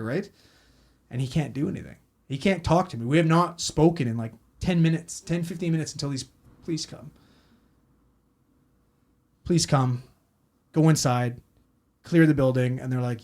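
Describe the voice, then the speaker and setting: A man's voice: a little high, normal speed, long pauses. A man, a paramedic telling a story in casual podcast chat, profane and rambling as he acts out quotes.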